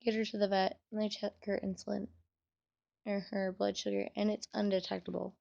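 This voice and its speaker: A woman's voice: medium pitch, little pitch movement, a little fast, gravelly, a little mellow, dull audio. A young woman telling a sad personal story in a casual vlog, swearing and using many fillers while she fights back tears. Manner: emotional, trying to hold back tears. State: tearful. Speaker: vlogger.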